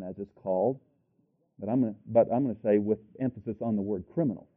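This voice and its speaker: A man preaches a sermon and presses the congregation with rhetorical question after question. His voice swells to loud, emphatic peaks. The recording is thin and tinny, like a phone line. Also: medium pitch, fairly quick.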